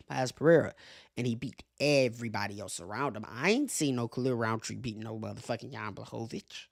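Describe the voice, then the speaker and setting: A man hosting a casual sports commentary show, animated and profane, laughing often as he makes his case. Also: mid-range voice, fairly quick, gravelly, no room sound, studio quality. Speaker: show host.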